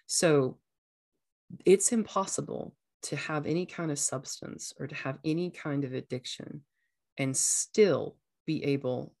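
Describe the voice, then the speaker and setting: A woman's voice: deep voice, a little slow, gravelly, darkish tone. A woman hosting a casual podcast, talking earnestly as a coach and acting out voices now and then. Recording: echoey room sound.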